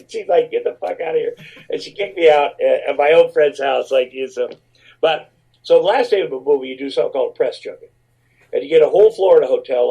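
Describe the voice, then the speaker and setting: A man's voice: medium pitch, warm tone, slightly rough, poor audio. A middle-aged man telling rambling, profane anecdotes in a guest interview, acting out what others said. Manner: profane, rambling storyteller who acts out quotes. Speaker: guest actor telling stories.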